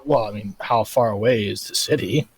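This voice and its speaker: A man's voice: fairly low pitch, normal speed, slightly rough, no room sound. Matter-of-fact male player, dry sound. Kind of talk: casual tabletop play.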